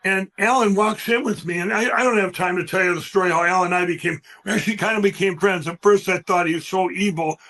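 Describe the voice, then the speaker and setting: Man with a high-pitched voice, guest on a talk show, rambling and emphatic, telling stories. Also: fast, few pauses, pushed and bright. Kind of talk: animated interview storytelling.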